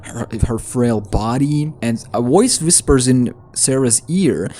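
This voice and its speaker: A man casually recapping a horror book's story for viewers, excitable and slangy, talking straight to his audience. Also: medium pitch, slow pace, a little hiss or hum. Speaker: YouTuber retelling a game's book story.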